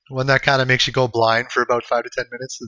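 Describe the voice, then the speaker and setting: A young man from Canada streams a game and chats with viewers in a relaxed, profane way. His voice is bright and forceful, and it sits close and dry on a dull, lo-fi stream mix. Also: medium pitch, dry recording. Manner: laid-back, swears freely, chuckles while answering chat. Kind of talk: casual live-stream chat.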